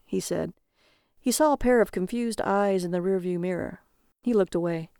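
Woman reading a story, steady pace, crisp voice, dry close sound. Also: lowish voice, moderate pace, no echo. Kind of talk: scripted story narration.

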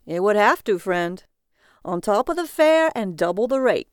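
A woman voicing a brash, talkative middle-aged male cab driver who needles his passenger in a loud, sing-song way. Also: mid-range voice, very animated, moderate pace, smooth, no room sound, studio quality, lightly acted. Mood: needling.

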